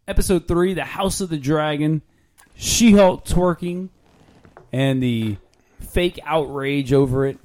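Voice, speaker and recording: A man's voice: mid-range voice, a little mellow. A man hosting a podcast in casual chat, teasing his co-host and defending himself.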